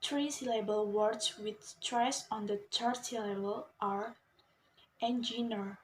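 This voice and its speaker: A young woman with an Indonesian accent, a student reading a pronunciation assignment slowly and carefully, repeating each example sound. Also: fairly high pitch, slight background noise, rough recording. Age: young adult. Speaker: student presenter.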